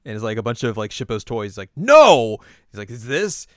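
A young man co-hosting a podcast, chatting casually and retelling scenes with quick acted quotes. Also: fairly low pitch, little pitch movement, clear, resonant tone, dry recording, clean studio sound. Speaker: podcast co-host. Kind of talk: casual recap chat.

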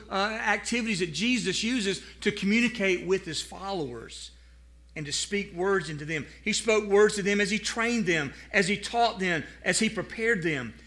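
A man preaching a sermon to a live congregation. He speaks earnestly, often repeats words as he starts over, slows down for scripture, and calls on the listeners to answer aloud. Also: high voice, bright, forceful tone. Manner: asks the congregation to respond aloud. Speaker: pastor.

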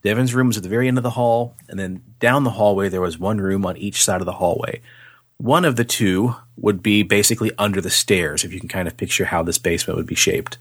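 A man co-hosting a podcast, telling a spooky story in a casual, animated way, swearing freely and acting out the voices. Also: lowish voice, quick pace, breathy edge, dry recording, studio quality.

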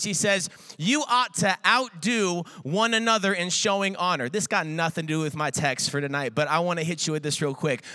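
A man gives a lively, casual sermon, joking with the crowd and acting out little quoted voices between loose filler words. His voice sits high and bright, with a smooth, clear tone. The sound is dry and close, with no room echo. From Iowa, US. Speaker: guest preacher.

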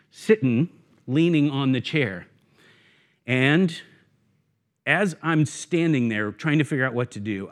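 A man preaching a sermon as a guest speaker, telling a story with acted-out voices and then moving into his message. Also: medium pitch. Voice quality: bald. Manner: animated storyteller, acts out shouts. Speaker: guest preacher, church network director.

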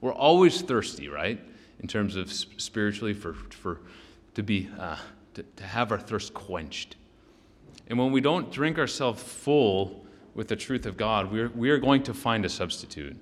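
A man's voice: fairly low pitch, lively intonation, unhurried. A male pastor preaching a sermon in a loose, conversational way, often checking in with the congregation and restarting his sentences. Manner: loose, with frequent restarts and fillers. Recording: long reverb of a large hall.

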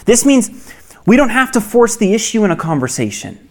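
A man preaching a sermon as a pastor, conversational and earnest, with quick asides and restarts. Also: high-pitched, very animated.

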